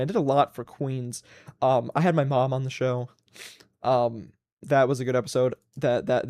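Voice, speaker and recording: A man's voice: medium pitch, a little mellow, no echo, studio quality. A man in his twenties hosting a solo livestream, ranting casually and with plenty of profanity. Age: 20s. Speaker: livestream host.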